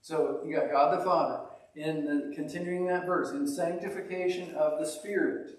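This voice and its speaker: A man's voice: fairly high pitch, steady tone, moderate pace. A man preaching a casual, conversational sermon, telling stories with a folksy, self-deprecating manner. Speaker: pastor. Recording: echoey church hall, mic at a distance.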